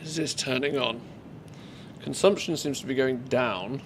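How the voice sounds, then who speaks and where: A man's voice: mid-range voice, a little slow, background noise. A man streaming a game live, thinking aloud and chatting casually with his viewers. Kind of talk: casual live-stream commentary while playing.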